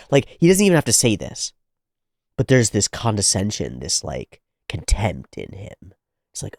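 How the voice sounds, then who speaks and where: A man's voice: lowish voice, huge pitch swings, normal speed, creaky, darkish tone, dry recording, clean studio sound. A man hosting a reaction video, talking casually and animatedly, swearing freely with frequent restarts. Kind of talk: casual commentary on an anime episode.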